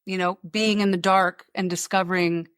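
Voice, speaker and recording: A woman hosting a podcast, chatting casually and telling stories with lively asides and little impressions. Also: on the low side, normal speed, clear, resonant tone, no echo, clean studio sound. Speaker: podcast host. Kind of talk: casual chat.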